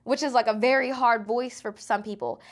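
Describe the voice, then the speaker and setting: A young woman talking casually as a podcast guest, her voice slightly high. She tells stories in a chatty way, full of fillers. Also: steady tone, brisk. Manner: chatty, many "like" fillers, laughing storyteller. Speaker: guest, content creator.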